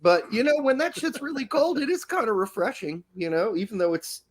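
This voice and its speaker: An American man co-hosting a soccer podcast in casual, joking banter. His voice sits high and swings widely in pitch. He talks loosely and swears freely. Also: expressive, brisk. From United States. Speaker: podcast co-host.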